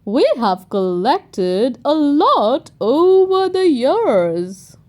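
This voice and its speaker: A woman's voice: sits high, very animated, extremely slow, darkish tone, exaggerated voice. A woman voicing a playful, jolly old grandfather pig in a storybook read-aloud.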